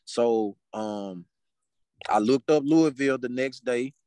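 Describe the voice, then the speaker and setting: A man's voice: medium pitch, slow pace, dry recording. A man from Mobile, Alabama, a podcast guest telling a story in casual chat and acting out the dialogue in it. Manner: animated, acts out dialogue in quotes.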